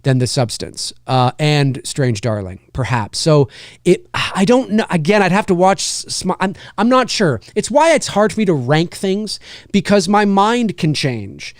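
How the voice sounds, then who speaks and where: Man, live stream host, casual chat, slightly high voice, smooth and clear, dry sound. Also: lively intonation, unhurried, dry recording. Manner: conversational, rambling and self-correcting. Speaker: livestream host and indie filmmaker.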